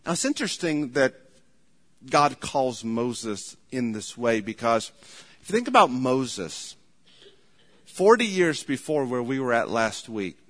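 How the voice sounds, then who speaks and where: A man's voice: mid-range voice, sing-song, measured pace, a bit bright. A man preaching a sermon as a pastor, telling stories with acted quotes and repeating words as he goes. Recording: long hall reverb.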